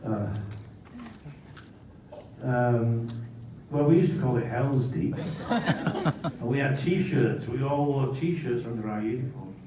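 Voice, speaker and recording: A man's voice: medium pitch, takes it slowly, long pauses, background noise. Older man, echoey hall recording. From England. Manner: chatty, laughing, acts out quoted voices. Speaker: convention panel guest actor. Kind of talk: anecdotal storytelling. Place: convention panel hall. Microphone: phone recording from the audience. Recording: echoey hall from far off, dull phone audio.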